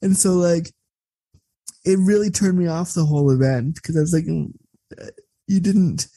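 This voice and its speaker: A man talking as an interview guest, blunt and profane, telling stories in a candid, animated way. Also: fairly high pitch, moderate pace, no room sound. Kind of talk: candid conversational storytelling.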